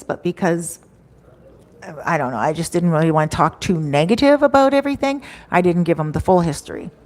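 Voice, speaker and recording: A woman vlogger telling a story in a chatty, animated way, laughing often. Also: fairly low pitch. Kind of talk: casual storytelling.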